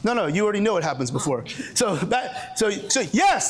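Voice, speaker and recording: A man's voice: high-pitched, big pitch swings, fairly quick. A man from Brooklyn with a Brooklyn accent, presenting to a live audience, joking and restarting sentences, calling on people in the room. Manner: joking, with frequent restarts and audience call-outs. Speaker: presenter at a coaching seminar. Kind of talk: animated live seminar talk.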